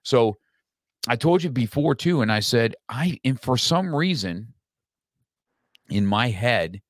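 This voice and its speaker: A middle-aged man hosting an interview in a brash, animated, direct way. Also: mid-range voice, slow, no room sound, clean studio sound. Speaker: podcast host. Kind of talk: conversational interview.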